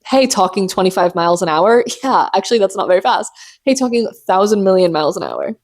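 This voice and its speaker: A young woman hosts her own podcast in a loose, chatty way. She talks at a middle pitch, sounds jittery from caffeine, and swears casually while teasing herself. Her delivery races ahead in animated bursts. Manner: animated, profane, self-mocking, fast bursts. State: caffeinated and hyped. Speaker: podcast host. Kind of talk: casual solo podcast chat.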